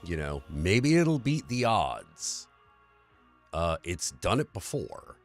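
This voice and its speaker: A man's voice: sits low, sing-song, slow, soft background music. A man hosting a livestream, in an earnest, rambling and profane rant about society. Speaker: livestream host. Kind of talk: casual political rant.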